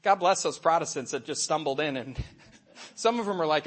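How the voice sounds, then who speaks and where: A middle-aged man, a Catholic catechist, giving a lively faith talk to an audience and acting out little voices in his stories. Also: on the high side, brisk, husky. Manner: animated storytelling, acts out voices and asides.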